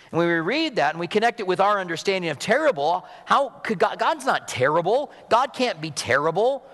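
A man's voice: high voice, a bit bright, big-room sound. A man preaching a sermon from a pulpit in a conversational, earnest manner, sniffly from a cold, with humorous asides. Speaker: pastor. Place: church sanctuary at a pulpit.

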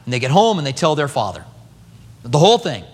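A man pastor delivering a sermon to his church, animated and conversational, slipping into voices to act out biblical figures. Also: fairly high pitch, fast, breathy edge. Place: church sanctuary. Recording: long hall reverb.

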